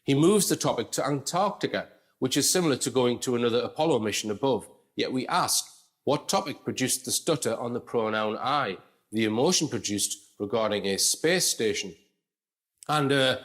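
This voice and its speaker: At normal speed and with lively intonation, a man with a medium-pitched voice presents lecture-style commentary. He explains things step by step in a conversational way, often saying "okay" and "right."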